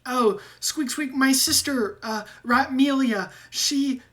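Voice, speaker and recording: A woman voicing Ratrick, a squeaky rat man. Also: slow, a bit bright. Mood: worried. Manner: peppers every phrase with squeaks. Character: anxious talking male rat person who squeaks.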